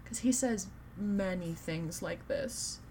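A woman's voice: on the low side, takes it slowly, noisy background. A woman co-hosting a podcast, chatting casually about a book and laughing often as an eager fan. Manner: giggly, gushing fan. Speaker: podcast co-host. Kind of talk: casual book-club chat.

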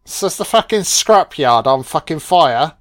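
A man reacts to a film as it plays, sarcastic and swearing nonstop. He talks at an unhurried pace, and his pitch rises and falls in lively swings. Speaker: film commentator. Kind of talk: profane film reaction commentary.

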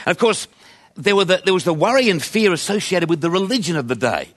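A man's voice: high voice, expressive, fast talker. Man preaching a conversational sermon. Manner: conversational, emphatic preaching with rhetorical questions. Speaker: pastor.

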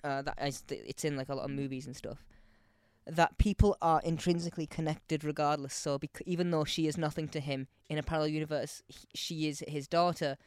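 A man, co-hosting a casual podcast chat, animated and quick to laugh. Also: a little high, clean tone, dry recording, studio quality. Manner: chatty, animated, laughs a lot. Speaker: podcast co-host.

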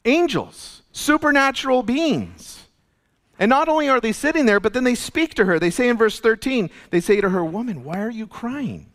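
A male pastor giving an earnest, conversational sermon, going soft and low when quoting figures, recorded in a church. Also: big pitch swings, normal speed. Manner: earnest, conversational preaching, drops soft and low for quoted lines. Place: church sanctuary. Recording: long reverb of a church hall.

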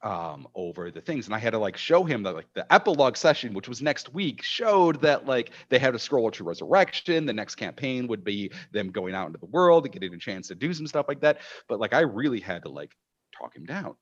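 A man in his thirties, a game master, telling an animated anecdote with lots of fillers in a casual panel chat. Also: medium pitch, fairly quick, lo-fi sound.

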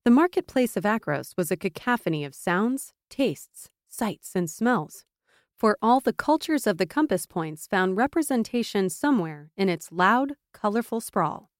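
A woman narrating a fantasy audiobook in a measured, expressive storytelling manner. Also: mid-range voice, no echo, clean studio sound. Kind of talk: scripted narration.

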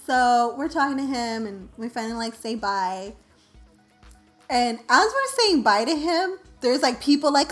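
A young woman telling a story on her vlog in a casual, animated, self-mocking way, full of "like". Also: a little high. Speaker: vlogger.

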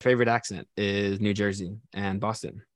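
A podcast host who asks relaxed, encouraging questions in an interview. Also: low-pitched, moderate pace, dry recording, studio quality.

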